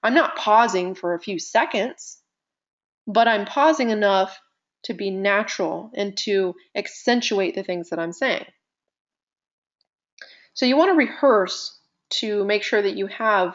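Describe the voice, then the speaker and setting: Animated woman teaching, dull stream audio. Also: mid-range voice. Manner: animated, conversational, uses deliberate pauses and vocal dynamics. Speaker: presentation skills instructor. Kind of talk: live online lecture.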